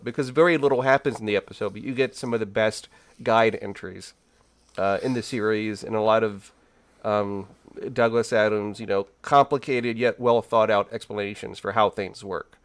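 A man co-hosting a podcast, speaking in a measured, thoughtful way with frequent fillers. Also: lowish voice, clean tone, dry recording. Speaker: podcast co-host. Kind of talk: casual discussion.

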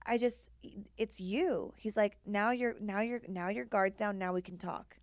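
A woman's voice: medium pitch, normal speed, no room sound, studio quality. A woman co-hosting a casual podcast chat. She talks candidly, swears freely and acts out quoted dialogue. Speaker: podcast co-host.

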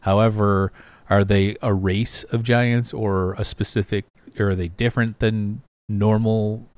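Low, smooth man rambling on a podcast. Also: level tone, unhurried, darkish tone, no room sound. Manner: rambling, hesitant, many fillers. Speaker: podcast co-host. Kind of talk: casual podcast discussion.

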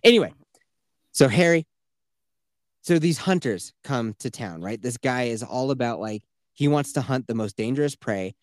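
Male podcast host, lively swooping delivery, dry close sound, swears freely while mocking a game plot. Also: mid-range voice, normal speed, long pauses, no echo. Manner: profane, animated, mocking retelling. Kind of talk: casual game review chat.

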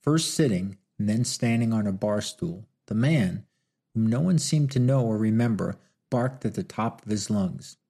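Gravelly male audiobook narrator. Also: lowish voice, moderate pace, few pauses. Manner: steady, storytelling.

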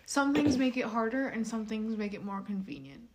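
A young woman co-hosting a podcast in casual chat, chiming in with quick, dry teasing remarks. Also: a little high, a little mellow. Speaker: podcast co-host.

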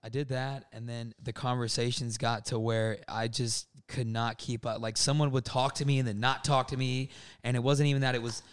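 A man's voice: mid-range voice, moderate pace, smooth. A man in his twenties on a podcast, telling a story in casual chat and acting out other people's lines with a lot of laughing. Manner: animated, laughing, acts out quotes. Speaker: podcast co-host.

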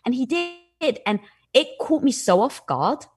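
Husky woman telling candid stories. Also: high-pitched, unhurried. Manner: animated, lively, with frequent "like" fillers. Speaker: guest. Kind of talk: candid conversational storytelling.

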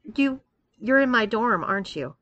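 A woman doing a jumpy timid college guy, stammery and pleading, higher voice, story reading. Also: expressive, moderate pace, a bit bright, lo-fi sound. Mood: nervous. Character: nervous timid young male college student.

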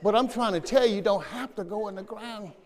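High-voiced pastor preaching in a hall. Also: male voice, a little fast. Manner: call-and-response preaching, repeats phrases. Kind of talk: sermon. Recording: long church reverb.

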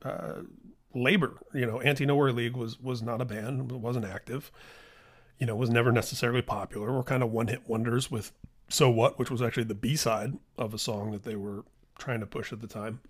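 A man's voice: mid-range voice, fairly even intonation, a little fast, breathy edge. A middle-aged man hosting a podcast, telling a story in a casual, enthusiastic way with restarts and laughter. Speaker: podcast host.

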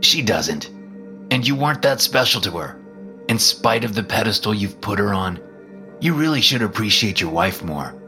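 A smug, mocking devil who takes his time, lifted well above the reader's own deep tone, as a man puts him on. He teases with a lively, knowing lilt in a first-person horror story, with faint music underneath. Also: normal speed, exaggerated voice. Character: smug teasing male devil, calm and knowing.

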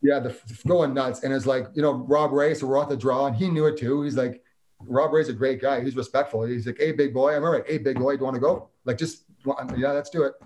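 A man from Canada tells an old hockey story in casual chat, his voice at an everyday middle pitch. He acts out the lines of the people in the story as he goes. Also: brisk. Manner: animated storyteller, acts out quotes. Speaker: guest, former hockey player.

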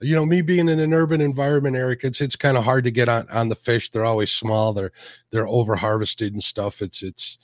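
A man's voice: medium pitch, fairly even intonation, brisk, no room sound. A man hosting a casual livestream interview, chatting loosely with frequent restarts. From Illinois. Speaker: host.

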